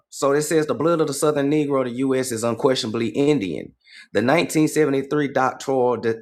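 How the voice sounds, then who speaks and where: A man hosting a casual livestream, reading passages aloud and commenting on them in streetwise slang, with profanity and points repeated for emphasis. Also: mid-range voice. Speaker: livestream host.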